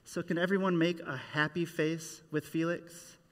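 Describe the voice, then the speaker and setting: A man's voice: fairly high pitch, moderate pace. A man leading a children's church service, telling a Bible story and getting the kids to act along with him. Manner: animated, leads kids in call-and-response. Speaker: children's minister. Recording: echoey hall.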